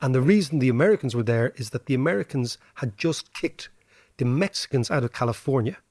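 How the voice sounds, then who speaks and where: An Irish man talks through history and economics like a lively lecturer, leaning on rhetorical "right?" tags. His pitch jumps around as he makes points. The recording is dry and close. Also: fairly quick, no echo. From Ireland. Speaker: podcast host. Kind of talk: casual explanatory chat.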